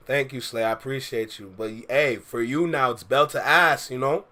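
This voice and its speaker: A man's voice: mid-range voice, a little slow, sharp tone. A young man casually chatting with his viewers on a livestream, laid-back and full of slang, reading out and answering chat messages. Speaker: reaction streamer.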